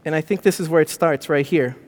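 A man preaching a sermon, animated, swinging between loud bursts and hushed lines. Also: fairly high pitch, a little fast. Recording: long hall reverb.

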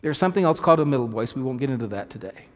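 A man's voice: mid-range voice, lively intonation, very fast, long reverb tail. A man preaching a sermon as pastor, earnest and emphatic, restarting phrases as he explains scripture.

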